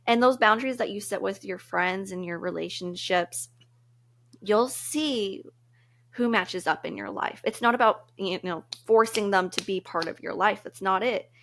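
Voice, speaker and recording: A woman's voice: medium pitch, moderate pace, fairly bright tone. A woman co-hosting a podcast, talking through relationship advice in a casual, earnest, reflective way and laughing easily. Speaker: podcast co-host.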